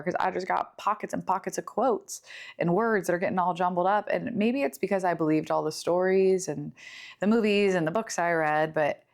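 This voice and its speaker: A young woman in her twenties hosting a podcast, talking through grief in an earnest, confiding, unhurried personal monologue. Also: on the low side. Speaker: podcast host. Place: home studio. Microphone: studio setup with camera.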